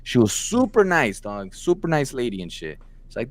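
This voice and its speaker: Slangy young man telling an animated story. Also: medium pitch, moderate pace. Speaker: podcast co-host. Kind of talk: casual chat.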